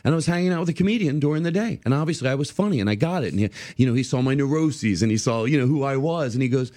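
A man's voice: mid-range voice, rapid-fire, few pauses. Man in his 50s, comic storyteller, voice bouncing all over, restarts his sentences. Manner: animated rambling storyteller, restarts a lot. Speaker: comedian guest. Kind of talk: casual podcast chat.

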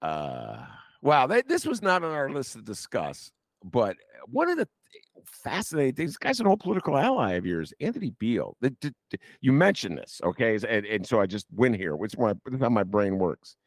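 An older man hosting a casual political talk show, joking and swooping into high teasing asides. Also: wildly swooping pitch, brisk, no echo, clean studio sound. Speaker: podcast host.

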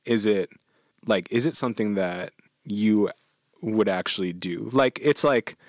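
A man's voice: lowish voice, a little slow, dry recording, clean studio sound. A man from New Jersey, a musician, chatting casually in a rambling way and laughing often. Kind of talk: casual chat.

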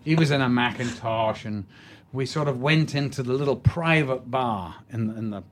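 An older man, an actor being interviewed, telling stories in a rambling, halting way with many restarts. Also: medium pitch. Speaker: actor, guest. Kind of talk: anecdotal storytelling in an interview.

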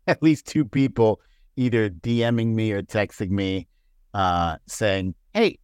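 A man talking as a guest on a podcast, telling stories in an animated way and laughing often. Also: on the low side, slow pace, clean tone, no echo, studio quality. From United States. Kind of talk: casual chat.

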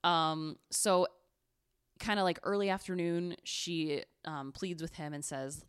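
A young woman with a low, deep voice chats casually as a podcast co-host. She rambles through a story with plenty of fillers and little giggles. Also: steady tone, slow pace, clean tone.

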